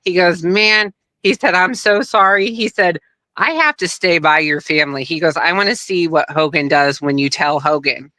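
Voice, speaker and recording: A middle-aged woman telling a story in a casual, animated way, acting out the voices of people she quotes. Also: lowish voice, moderate pace, rough recording. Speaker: guest, wrestler's daughter.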